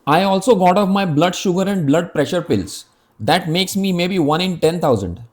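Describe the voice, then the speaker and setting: Man, 50s, earnest explainer narrator with a slightly raised pitch, talks straight to camera. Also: expressive, moderate pace. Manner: earnest, direct, addresses viewer with rhetorical questions. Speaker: health app presenter. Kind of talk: scripted health explainer narration.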